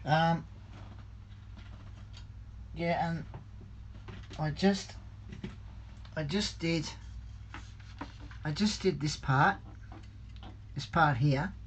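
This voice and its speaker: A man's voice: on the high side, slight background noise. A man hosting a casual livestream from a home hobby room, hesitant and full of ums, reading viewer comments aloud as he builds a model. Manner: slow, hesitant, many ums and restarts. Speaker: livestream host.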